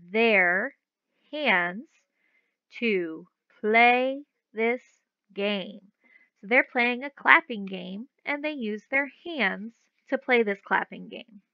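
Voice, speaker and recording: Woman teacher, phonics lesson for small children, slow and patient, sounds words out, dry close lo-fi recording. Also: on the high side, no echo.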